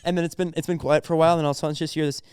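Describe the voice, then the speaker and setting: A man's voice: on the high side, flat delivery, rapid-fire, a little mellow, clear, resonant tone, no room sound, clean studio sound. A young man co-hosting a comedy podcast, chatting casually and giggling as he riffs through bits. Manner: giggly, riffing through bits with quoted voices. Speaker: podcast co-host.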